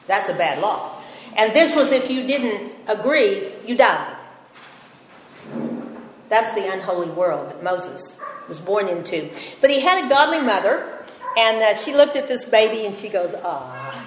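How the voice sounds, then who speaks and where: An older woman leads a women's Bible study, telling the story casually and slipping into the voices of the people she quotes. Her voice rings through a large, echoing hall with long reverb. A faint background hum sits under her speech. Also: medium pitch. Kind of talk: informal Bible teaching. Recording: echoey hall, faint ambience.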